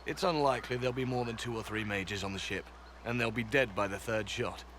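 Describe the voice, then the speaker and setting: An actor playing a calm, disciplined male soldier in a video game, speaking in a measured, matter-of-fact way. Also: on the low side, a little hiss or hum, close to an everyday voice.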